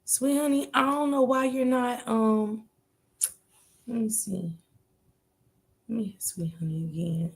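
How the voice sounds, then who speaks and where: Chatty woman hosting a livestream, gravelly. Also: a little high, steady tone, unhurried, long pauses. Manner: chatty, greets commenters by name, slangy. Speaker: livestream host. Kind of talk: casual livestream chat greeting viewers.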